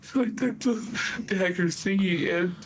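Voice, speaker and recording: A man confessing in a police interview, talking in a halting, rambling way full of fillers. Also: high voice, a little hiss or hum, low-quality recording. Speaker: suspect confessing.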